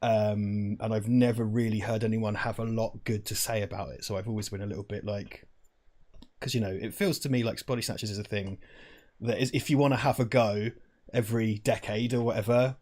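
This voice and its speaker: A man's voice: on the low side, steady tone, fairly quick, darkish tone. A man co-hosting a film watch-party stream, talking in a rambling, self-interrupting, laughing way. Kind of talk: casual chat. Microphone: lavalier.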